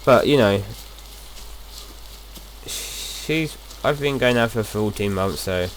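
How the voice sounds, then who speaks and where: A man's voice: lowish voice, takes it slowly, a little hiss or hum. A young man casually talking through his gameplay as a video host, rambling and chatty, often restarting his sentences.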